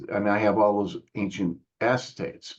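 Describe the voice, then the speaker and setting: Older man telling a lively story. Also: moderate pace, lo-fi sound. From United States. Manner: animated storyteller, acts out others' lines in higher voices. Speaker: musician guest. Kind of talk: casual storytelling interview.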